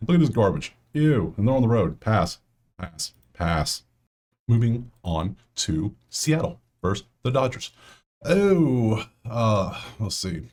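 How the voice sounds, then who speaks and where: A man's voice: mid-range voice, sing-song, a little slow, a little mellow. A man hosting a casual solo sports betting breakdown, talking straight to players and viewers with grumbling asides.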